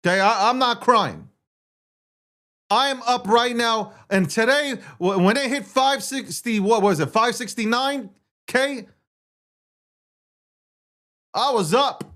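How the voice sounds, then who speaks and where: A man's voice: extremely high pitch, slow pace, long pauses, sharp tone. A man hosting a livestream, talking in an intense, profane and repetitive rant. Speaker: livestream host. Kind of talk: ranting livestream monologue.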